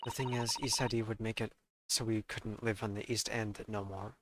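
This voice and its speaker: A man's voice: lowish voice, flat delivery, normal speed, very noisy, close to an everyday voice. A man doing a defiant street girl. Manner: slangy, defiant, tough. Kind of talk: reading game dialogue aloud. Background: loud game music.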